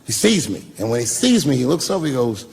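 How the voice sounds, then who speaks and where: A man telling a profane, animated stand-up story and acting out the people in it. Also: mid-range voice, fast talker, vocal fry, long reverb tail, a little hiss or hum. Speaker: stand-up comedian.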